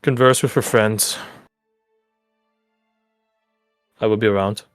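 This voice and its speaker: A man's voice: fairly low pitch, normal speed, no echo, soft background music, lightly acted. A man playing a terse, mysterious male wanderer of the swamps in a tabletop game, speaking in short, grave warnings.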